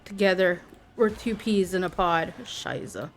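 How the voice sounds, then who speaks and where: Woman streamer, mid-pitched, swears and mutters through play, soft music under. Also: animated, moderate pace. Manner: muttered reactions and casual swearing. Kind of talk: live gameplay commentary.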